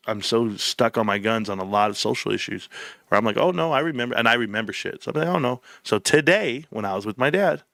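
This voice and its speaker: A man hosting a live stream, telling stories in an animated, slangy, emphatic way. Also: lowish voice, vocal fry, no echo, studio quality. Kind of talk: casual live-stream chat.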